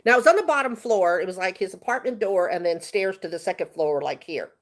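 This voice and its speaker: A woman telling a story on a casual livestream, animated and chatty, laughing often. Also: on the low side, brisk. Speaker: vlogger.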